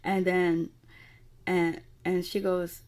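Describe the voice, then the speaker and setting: A woman's voice: fairly low pitch, little pitch movement, takes it slowly, darkish tone. A woman casually recapping a TV episode in a rambling, profane way with lots of fillers. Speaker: TV recap reviewer.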